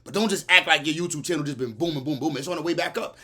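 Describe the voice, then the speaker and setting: A young man hosting a reaction video, talking in casual slang with animated disbelief. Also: fairly high pitch, very fast, slightly rough.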